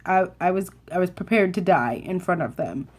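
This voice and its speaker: A young woman chatting to camera, telling a rambling, animated story full of asides and self-corrections. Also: lowish voice, normal speed. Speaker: vlogger.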